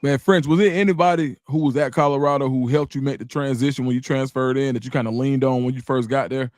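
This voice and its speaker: A man's voice: medium pitch, steady tone, fast talker, darkish tone. A man hosting the interview and asking long, friendly questions. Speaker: host.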